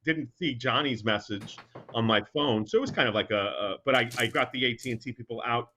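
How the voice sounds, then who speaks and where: A man's voice: medium pitch, fairly quick, sharp tone, slight background noise. A man joining remotely as a guest handicapper, friendly and stammering with repeated words. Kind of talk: casual sports betting talk. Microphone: remote call over the internet.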